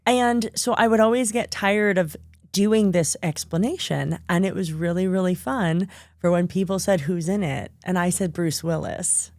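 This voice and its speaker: A woman's voice: on the low side, normal speed, no room sound, studio quality. A young adult woman, a guest actress, telling stories in a casual podcast chat and acting out the people she quotes. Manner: animated, acts out quoted dialogue.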